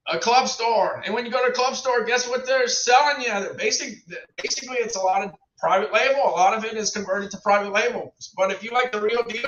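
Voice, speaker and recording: On a casual product-review livestream, a middle-aged host with a high, sharp voice chats ramblingly with viewers and keeps repeating phrases. The audio sounds roomy, distant, dull and lo-fi.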